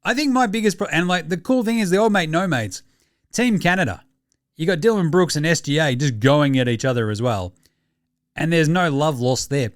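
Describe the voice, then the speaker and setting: A young Australian man talking sport in loose, sweary banter, breaking into laughs. His voice sits a touch high for a man. The sound is dry and close, with no room around it. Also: lively intonation, normal speed, dry recording. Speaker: podcast host. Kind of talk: casual sports commentary.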